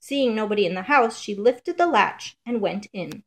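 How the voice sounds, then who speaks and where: A woman's voice: mid-range voice, lively intonation. Woman reading a fairy tale aloud. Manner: measured, rhythmic storybook reading. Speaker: storyteller.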